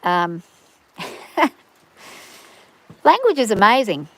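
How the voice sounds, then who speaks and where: A woman's voice: mid-range voice, big pitch swings, very slow, fairly bright tone, rough recording. A woman hosting a livestream from her farm, chatting casually and rambling with frequent restarts and fillers. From Australia.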